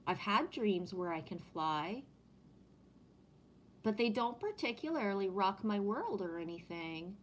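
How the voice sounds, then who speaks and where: A woman's voice: medium pitch, very animated, unhurried, a little hiss or hum. A woman with a French accent chatting casually on a live stream, greeting viewers by name and reading from oracle cards.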